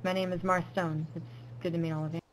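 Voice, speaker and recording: A woman's voice: lowish voice, level tone, quick pace, a little hiss or hum, lightly acted, poor audio. A woman voicing a secretive female mayor in an online game role-play, talking hurriedly and pleading. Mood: nervous.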